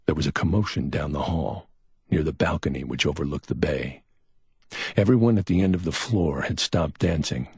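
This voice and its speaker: A man reading pulp crime fiction as an audiobook narrator, steady and even. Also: very deep voice, moderate pace, slightly rough, no echo, studio quality.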